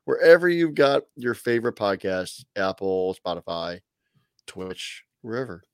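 A man co-hosting a sports fan podcast in a laid-back, jokey way, with sudden loud outbursts. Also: fairly low pitch, a little slow, clean tone, dry recording, clean studio sound. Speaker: podcast co-host. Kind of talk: sports fan chat and show sign-off.

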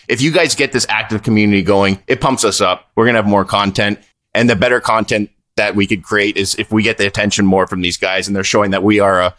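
A man co-hosting a podcast in casual chat, rambling and swearing as he tells stories. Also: lowish voice. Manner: rambling, profane, animated storyteller. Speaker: podcast co-host.

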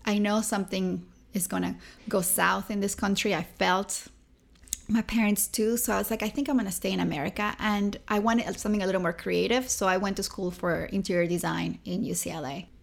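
A young woman from Venezuela tells a personal story as an interview guest. Her voice has a gravelly fry, and she talks in a lively way, popping into little voices for the people she quotes. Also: medium pitch, a little fast. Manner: animated, acts out quoted people.

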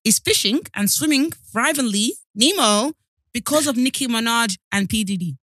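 A woman co-hosting a podcast, chatting casually and animated with strong opinions. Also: a little high, normal speed, dry recording, studio quality. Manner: animated, opinionated, laughs often. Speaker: podcast co-host. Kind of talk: casual chat.

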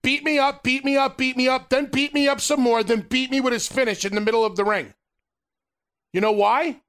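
Guy on a podcast, high voice, telling a rowdy story with swearing. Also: fairly quick. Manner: animated storyteller, swears freely. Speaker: co-host, former wrestler.

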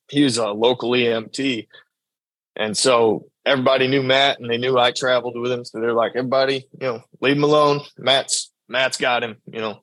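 A man's voice: mid-range voice, fairly bright tone, no room sound, poor audio. Casting: young man, rodeo cowboy storyteller, easygoing mid-range voice, dead-dry studio sound. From New York state. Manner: drawn-out storytelling, acts out quoted dialogue. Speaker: bull rider guest. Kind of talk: casual storytelling interview.

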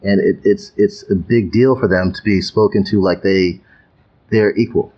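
A man with a fairly low voice speaks emphatically as an interview guest, often repeating words before landing his point. The recording sounds slightly dull and muffled, with the highs rolled off. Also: steady tone, moderate pace. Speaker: guest, youth coach. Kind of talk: conversational podcast interview.

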